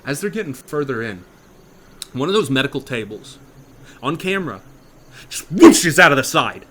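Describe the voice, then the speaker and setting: A man improvising a horror story in a casual, profane way, dropping to a hush and then getting loud. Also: a little high, very animated, moderate pace, slight background noise. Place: virtual reality chat room.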